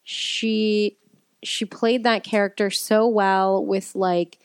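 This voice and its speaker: A woman's voice: medium pitch, steady tone, slow, smooth, no echo. A woman co-hosting a casual chat, agreeing readily and stretching words for emphasis. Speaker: podcast co-host.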